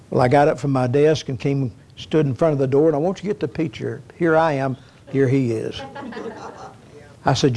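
A man's voice: a little high, lively intonation, a little fast, darkish tone. A middle-aged man preaching a sermon, retelling a story with many repeated words and rising to emphatic peaks. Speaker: pastor.

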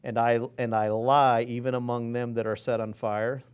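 A man's voice: mid-range voice, level tone, normal speed, smooth. A man giving an informal, earnest sermon, rambling and restarting his sentences as he goes. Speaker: preacher.

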